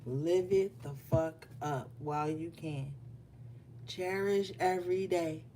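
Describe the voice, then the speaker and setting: A woman's voice: on the low side, takes it slowly, dark tone, slight background noise. A woman doing a casual live tarot reading, chatty and loose with plenty of swearing. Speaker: tarot card reader.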